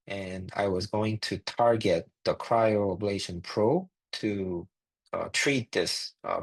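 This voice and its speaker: A man gives a medical case presentation in a lecture, narrating each case plainly and pausing on fillers as he thinks. His voice sits low and has a husky, gravelly edge. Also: rough recording. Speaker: physician lecturer.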